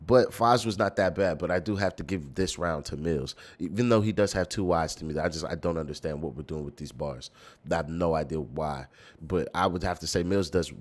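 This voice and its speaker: A man's voice: low-pitched, a little fast. A young American man hosting a reaction video, talking bluntly and incredulously with plenty of swearing. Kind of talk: reaction commentary.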